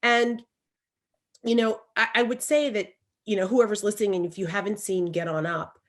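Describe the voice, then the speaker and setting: A woman from Alabama with a Southern accent, co-hosting a podcast and telling stories in an emphatic, animated way. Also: medium pitch, moderate pace. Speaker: podcast co-host. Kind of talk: casual conversation.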